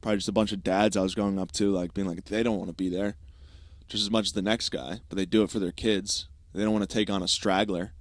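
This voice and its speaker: A young man tells a comic story in a fast, profane, animated way, slipping into quick voiced asides. His voice sits fairly low. The sound is dry and close, with no room around it. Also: no echo. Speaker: podcast host. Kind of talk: comedic storytelling monologue.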